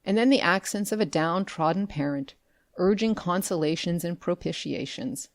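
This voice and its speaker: A woman narrating a classic story as an audiobook, with expressive storytelling. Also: on the low side, moderate pace, no room sound, clean studio sound. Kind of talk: scripted narration.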